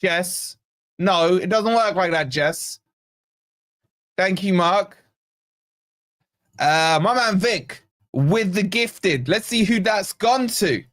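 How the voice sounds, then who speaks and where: A man from Scotland hosting a live football watch-along, animated and nervous, reading out chat messages and gifts. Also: high voice, takes it slowly, long pauses. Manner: animated, excitable, reads chat aloud. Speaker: fan channel host.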